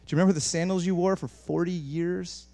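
In a high, creaky voice running a little fast, a male pastor preaches with animation, moving between quiet asides and emphatic, raised sections, with many restarts.

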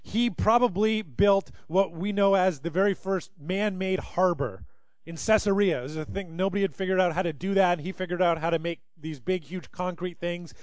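A man with a high voice preaches a sermon, close and dry on the mic. He tells the story with animation and slips into the voices of the people he quotes. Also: moderate pace, dry recording. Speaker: pastor.

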